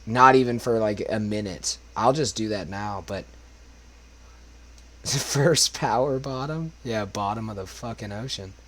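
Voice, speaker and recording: A young man talking off the cuff to his stream chat, rambling from one thing to the next and swearing freely. His voice sounds bright and forward. It is a little worn from smoking. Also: lowish voice, measured pace, slight background noise. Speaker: karaoke streamer. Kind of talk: casual livestream chat.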